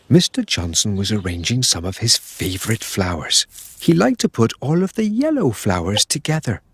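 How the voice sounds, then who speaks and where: A man's voice: medium pitch, creaky. Sing-song male storybook narrator. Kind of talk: scripted children's storybook narration.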